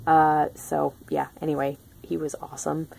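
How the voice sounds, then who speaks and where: Young adult woman, low voice with vocal fry, chatty film-review vlogger, gushing with lots of ums. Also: level tone, normal speed, a little mellow, a little hiss or hum. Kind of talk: casual spoiler-free film review.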